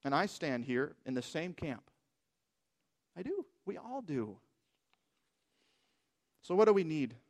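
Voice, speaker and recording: A man's voice: fairly high pitch, sing-song, takes it slowly, pauses often. A man preaching a sermon as pastor, emphatic and asking rhetorical questions.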